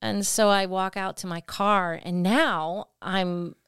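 Animated woman telling a story, smooth voice. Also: mid-range voice, slow pace, dry recording, clean studio sound. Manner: animated, acts out her own past lines. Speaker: podcast co-host. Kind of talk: storytelling conversation.

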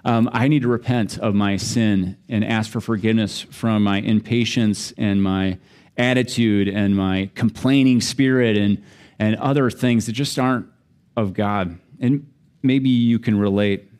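A man's voice: on the low side, steady tone, measured pace, a little mellow, clean tone. A middle-aged man from the United States, a pastor preaching a sermon in a chatty, self-deprecating storytelling way. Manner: conversational, self-deprecating, laughs while telling stories.

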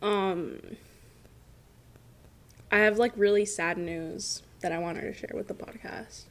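A woman's voice: mid-range voice, fairly even intonation, slow, fairly bright tone. A young woman co-hosting a podcast in casual chat, giggly and teasing, swearing freely. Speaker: podcast co-host.

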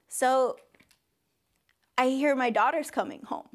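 A young woman sharing a personal testimony with a church congregation. She is emotional, near tears at times, and acts out the voices she quotes with big leaps in pitch. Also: takes it slowly. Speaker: speaker at a church service.

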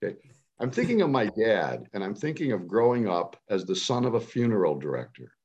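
A man's voice: big pitch swings, fairly quick, a little mellow, slightly rough, muffled recording. A man in his seventies, from the Cleveland area, telling a personal story with passion and emphasis. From Cleveland area, United States. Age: 70s. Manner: emphatic, rising to a high pitch when stirred. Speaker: speaker on health and nutrition. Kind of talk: impassioned storytelling.

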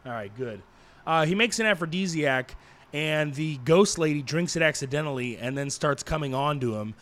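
A man co-hosting a podcast, recapping an anime episode in a rambling, jokey way with lots of fillers and quick put-on character quotes. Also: on the high side, a bit bright. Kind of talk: casual chat.

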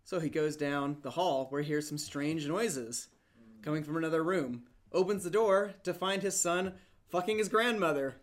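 A man's voice: fairly high pitch, normal speed. A man on a podcast panel, telling a bawdy joke and laughing along at his own lines. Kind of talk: casual podcast chat, telling a crude joke.

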